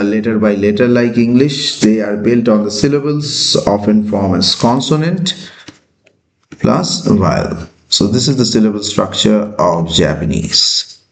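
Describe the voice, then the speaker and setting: Slow, hesitant male teacher in an echoey room. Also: medium pitch, a little mellow. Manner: slow, hesitant, many fillers. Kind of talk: classroom lecture.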